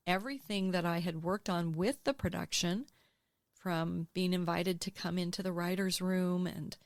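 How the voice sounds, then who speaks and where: A woman in her sixties, a podcast guest, telling her own story in a candid, emotional, animated way and acting out what she said back then. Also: fairly low pitch, normal speed, no room sound. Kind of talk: candid interview conversation. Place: podcast studio.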